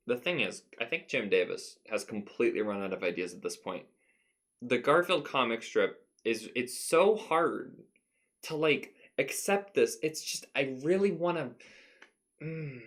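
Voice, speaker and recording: A man's voice: medium pitch, fairly bright tone. A young man hosting a comic recap at home, talking with mock-serious irony and laughing at his own jokes. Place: home room.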